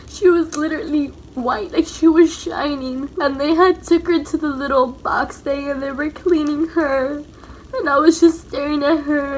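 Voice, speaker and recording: A woman's voice: high-pitched, a little hiss or hum. A young woman vlogger chatting casually as she tells a personal story, full of "like", tearful at times. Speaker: mom vlogger.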